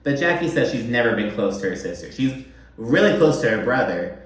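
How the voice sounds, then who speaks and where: A man's voice: big pitch swings, brisk. A man chatting casually through a reality TV recap, swearing freely and using lots of fillers. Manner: chatty, profane, heavy on fillers, mimics quoted people in a higher voice. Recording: very echoey room.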